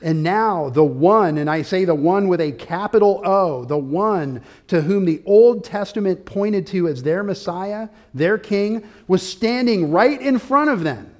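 A man preaching an expository sermon with a slightly higher voice than most men. He moves through his outline point by point. His delivery swells into forceful, emphatic peaks. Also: animated, unhurried, hardly any pauses. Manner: emphatic, builds to loud peaks; outlined teaching with subpoints. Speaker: pastor.

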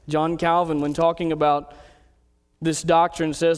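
A man preaching a sermon as pastor, earnest, slowing down to read scripture aloud. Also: a little high, flat delivery, clear, resonant tone, long reverb tail.

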